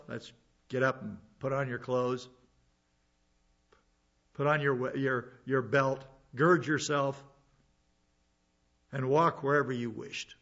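A man's voice: mid-range voice, fairly even intonation, slow, long pauses, fairly bright tone. Earnest man preaching, dull lo-fi sound. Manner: earnest, explains scripture verse by verse with asides. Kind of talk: sermon.

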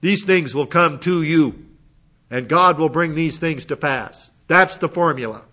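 Here the man's voice sits on the high side, sharp in tone and measured in pace, with the highs cut off in the recording. Preaching a Bible lesson, he goes through Greek word studies methodically and keeps restarting.

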